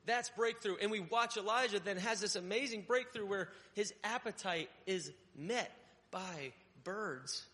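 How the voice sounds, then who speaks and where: A man's voice: high-pitched, a little slow, bright, forceful tone. A young adult male pastor from Connecticut preaching a sermon, telling personal stories and acting out his own thoughts. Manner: storytelling, acts out his own inner voice. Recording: long hall reverb.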